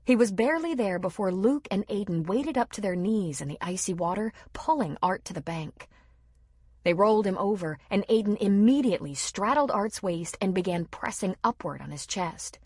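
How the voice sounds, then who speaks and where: A woman narrating an audiobook in a steady, dramatic manner, read close to a studio mic. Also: mid-range voice, moderate pace, breathy edge, dry recording. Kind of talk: scripted narration.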